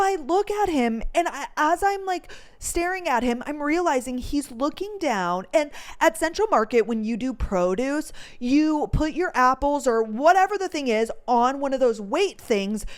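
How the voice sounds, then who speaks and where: A woman in her twenties, a podcast host from North Dakota, telling a story in a chatty, emotional way full of filler words. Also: high-pitched. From North Dakota, USA. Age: 20s. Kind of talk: casual storytelling chat.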